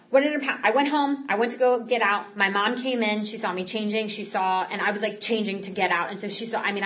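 Earnest woman with halting, filler-heavy speech. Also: medium pitch. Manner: halting, frequent fillers and restarts; earnest, candid. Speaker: speaker sharing a recovery story. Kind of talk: personal recovery testimony. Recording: slightly dull, muffled recording.

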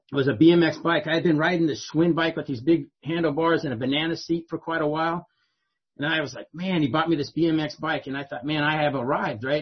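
A man's voice: a little high, breathy edge, muffled recording. A middle-aged man telling his own life story to an audience in a conversational way, often asking "right?". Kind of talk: personal storytelling speech to an audience.

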